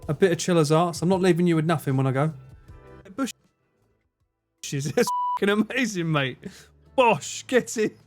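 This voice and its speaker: A man in his forties with an Essex accent banters through a live game stream, cursing freely and laughing at his own jokes. His voice sits a touch high and swings widely up and down. Game music plays clearly behind him. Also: animated, moderate pace, pauses often. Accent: Essex English. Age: 40s. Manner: swearing, joking, laughing often.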